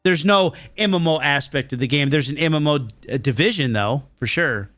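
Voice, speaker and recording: A man's voice: a little high, animated, brisk, a bit bright, no echo. A middle-aged man streaming a game and answering his chat, ranting bluntly and swearing freely. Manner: blunt, profane, riled-up ranting.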